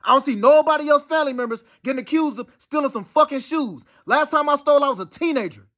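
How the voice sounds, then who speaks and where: Fast, high-voiced man ranting heatedly. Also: a bit bright. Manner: rambling, profane, heated and insistent. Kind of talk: casual monologue.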